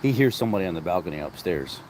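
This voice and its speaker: A man's voice: deep voice, sing-song, rapid-fire, darkish tone, a little hiss or hum, poor audio. A man hosting a casual morning livestream outdoors, chatting about his dogs and talking to them. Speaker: livestream host.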